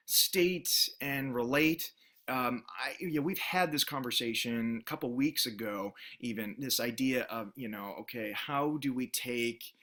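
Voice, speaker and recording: Male instructor, bright tense voice, steady mid pitch, patient explanatory lecture with ums. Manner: explanatory, frequent fillers. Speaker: journalism instructor. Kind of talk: recorded classroom lecture.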